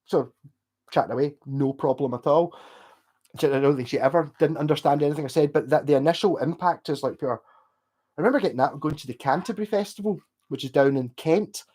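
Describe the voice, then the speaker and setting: A man with a Scottish Glasgow accent rambling in animated casual chat with his livestream viewers, swearing and laughing as he goes. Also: a little high, brisk. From Scotland. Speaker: streamer chatting with viewers.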